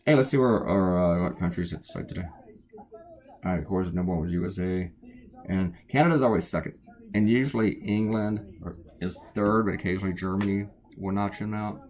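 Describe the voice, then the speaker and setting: Tired, gravelly-voiced man rambling. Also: low-pitched, a little fast, a little mellow. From United States. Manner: rambling, wandering off topic. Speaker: cartoonist. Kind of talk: casual chat while drawing.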